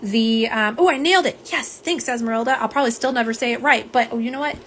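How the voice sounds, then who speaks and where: Fast-talking and steady in tone, this woman has a high-leaning, fairly bright voice with slight background noise. On her live nail polish stream she chats casually, addressing viewers as "y'all" and reading and responding to their comments.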